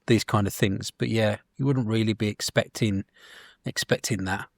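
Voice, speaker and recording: A middle-aged man, co-hosting a podcast in a quiet, measured, slightly hesitant way. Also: fairly low pitch, fairly even intonation, vocal fry, no room sound, studio quality. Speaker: podcast co-host. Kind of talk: casual chat.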